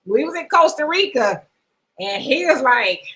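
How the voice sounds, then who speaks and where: Middle-aged woman host, bright and lively, chatty live-stream talk, reads comments aloud. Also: sits high, a little slow, poor audio. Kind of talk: casual live-stream chat reading comments.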